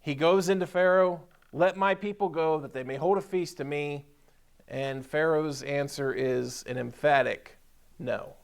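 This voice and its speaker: A man with a slightly raised pitch preaching from the pulpit of a church. He leans hard on repeated phrases and reads scripture aloud between his own comments. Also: fairly even intonation, measured pace, gravelly, smooth. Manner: preaching with emphatic repetition, reading scripture aloud. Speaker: pastor. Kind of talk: sermon. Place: church sanctuary.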